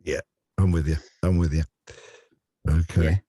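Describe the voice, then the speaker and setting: A man's voice: a bass voice, fairly even intonation, unhurried, dark tone, husky, no echo. Chatty, laughing male radio presenter. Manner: chatty storyteller who laughs often and acts out voices. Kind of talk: relaxed anecdotal interview chat.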